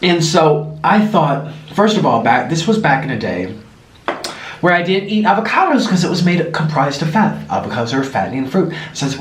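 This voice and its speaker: A young man with a highish voice talks a bit quickly as he eats for the camera, chattering and telling stories with his mouth full. The mukbang recording carries a slight hiss or hum, with room echo and the mic set somewhat far away.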